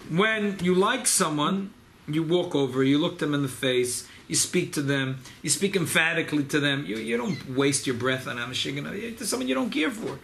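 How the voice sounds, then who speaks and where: A man teaching a Torah class to a small gathering, animated and emphatic, sprinkling in Hebrew and Yiddish terms. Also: fairly high pitch, normal speed, gravelly, slight background noise. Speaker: rabbi leading a study gathering.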